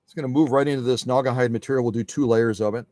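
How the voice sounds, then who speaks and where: A man's voice: mid-range voice, steady tone, rapid-fire, darkish tone, no room sound, clean studio sound. Folksy man demoing sewing machines. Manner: chatty, folksy, repeats phrases. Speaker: sewing machine restorer hosting a live stream. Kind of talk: casual demonstration talk.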